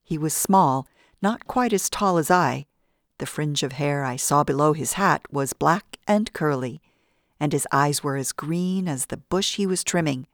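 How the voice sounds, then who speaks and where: A woman narrating a novel in a steady storytelling read. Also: sits low, a little slow, dry recording, studio quality. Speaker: audiobook narrator. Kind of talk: scripted narration.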